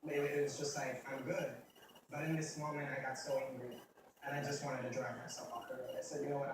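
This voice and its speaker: A man's voice: mid-range voice, level tone, brisk. Young man telling his story from a distance in an echoey room. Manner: candid and rambling, with self-deprecating humor and acted-out quotes. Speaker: testimony speaker. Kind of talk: personal testimony, casual storytelling. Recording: roomy, distant mic with noticeable background noise.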